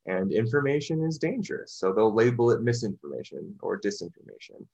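Husky low-voiced man rambling in discussion. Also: big pitch swings, a little fast, a little mellow, dull audio. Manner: rambling, full of "you know" and restarts. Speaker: podcast discussion guest. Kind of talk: casual discussion.

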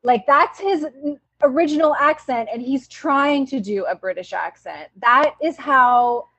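Slow, husky Canadian woman co-host. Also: high-pitched, fairly bright tone, low-quality recording. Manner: emphatic, starts lines with "listen". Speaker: podcast co-host. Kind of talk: casual chat.

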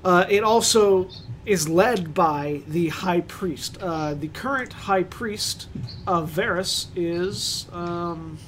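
High-voiced man running a tabletop game. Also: takes it slowly, a bit bright, a little hiss or hum. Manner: rambling, self-correcting explanations. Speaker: game master.

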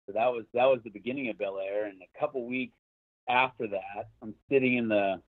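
A man's voice: mid-range voice, brisk, no room sound. A man in his thirties telling a golf story as a podcast guest, loose and chatty with plenty of "like" and the odd curse. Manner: loose and chatty, lots of "like", some swearing. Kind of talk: casual storytelling. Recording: dry, tinny phone-like line.

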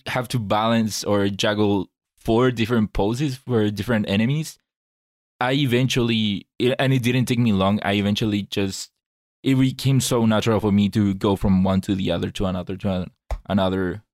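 A man with a fairly low voice talks earnestly about games as a podcast co-host. He reflects aloud and restarts his sentences as he thinks. The sound is close and dry, with no room around it. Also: fairly even intonation, normal speed, a little mellow, no echo. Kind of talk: casual chat.

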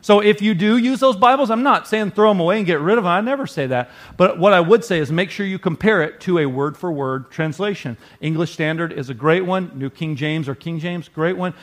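A man's voice: sits high, a little fast, few pauses. A man preaching a sermon to his congregation in a conversational, earnest way. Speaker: pastor.

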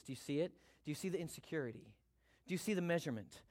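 A man preaching a sermon as pastor, energetic and emphatic, repeating his key points. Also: a little high, racing.

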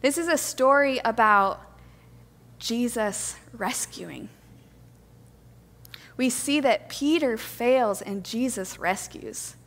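A woman preaching a sermon to a congregation, gentle, earnest and reflective. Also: fairly high pitch, takes it slowly, long pauses, long reverb tail.

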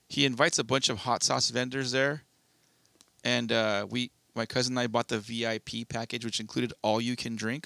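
A man's voice: mid-range voice, creaky, bright, forceful tone, no echo. A young man co-hosting a podcast, telling a long rambling story in casual chat and swearing freely. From Southern California. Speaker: podcast co-host.

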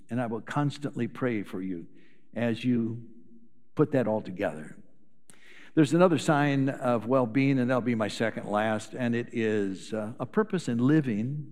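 A man's voice: mid-range voice, a little mellow, big-room sound. An older man, a retired pastor, preaching a sermon in a folksy storytelling way, sharing anecdotes. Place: church sanctuary.

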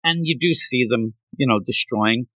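A podcast co-host casually recaps a manga chapter, acting out the characters' lines in jumpy voices. He speaks at normal speed in a mid-range, pushed, bright voice with no echo.

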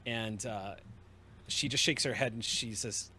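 Running a tabletop game, a game master describes scenes at a relaxed pace, restarting a little here and there. His medium-pitched voice is pushed and bright, with a bit of hiss or hum in the recording.

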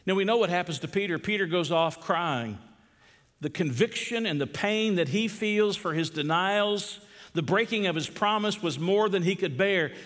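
A male pastor delivering a sermon, swinging between hushed, slow lines and raised, emphatic ones. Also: high-pitched. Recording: long hall reverb.

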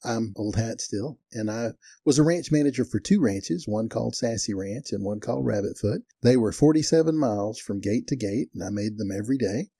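A man's voice: lowish voice, lively intonation, a little fast, few pauses, mellow, breathy edge, dry recording, studio quality. An older man telling stories in a casual, folksy way, chuckling as he talks and livening up when he quotes people. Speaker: storyteller. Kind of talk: casual storytelling.

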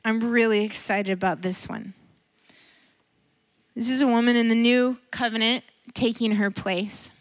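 A woman preacher giving a sermon in church, retelling a story with animated energy and frequent laughter. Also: a little high, measured pace.

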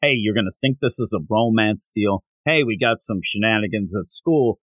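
A man co-hosting a podcast, recapping a story in casual chat and acting out the characters' lines in quick little voices. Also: on the low side, a bit bright, no room sound. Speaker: podcast co-host reviewing manga.

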